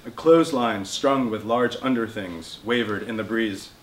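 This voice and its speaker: A man, the author, reading his novel aloud in measured narration at a bookshop. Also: lowish voice. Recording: roomy bookshop with faint noise.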